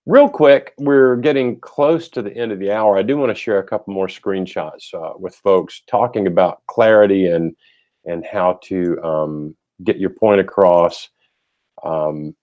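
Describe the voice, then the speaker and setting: A man with a fairly low voice hosts a relaxed webinar. He talks loosely, cracks jokes and stumbles over his words with many fillers and restarts. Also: highs cut off. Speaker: host. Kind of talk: casual webinar talk.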